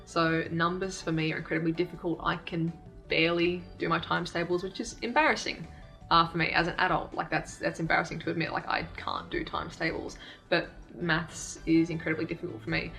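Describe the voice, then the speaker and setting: A woman's voice: on the low side, level tone, brisk, creaky, a bit bright, faint music behind. A young adult woman, talking candidly and self-deprecatingly in a casual vlog, laughing often. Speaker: YouTube creator. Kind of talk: casual reflective vlog talk.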